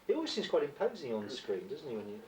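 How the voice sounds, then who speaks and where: A man's voice: medium pitch, wildly swooping pitch, rapid-fire, a little mellow, slight background noise. A man interviewing an actor as a fan, chatty and eager to add trivia of his own. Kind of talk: casual chat. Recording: roomy distant amateur recording.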